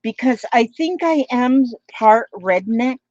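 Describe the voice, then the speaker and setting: A rambling, playful woman with a Midwestern American accent talks slowly in a slightly high voice as she crafts and chats with viewers. The sound is dry and close, with a dull lo-fi home recording quality. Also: lively intonation, a little mellow, dry recording. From Minnesota, US Midwest. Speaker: craft vlogger. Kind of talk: casual chat while crafting, reading viewer comments.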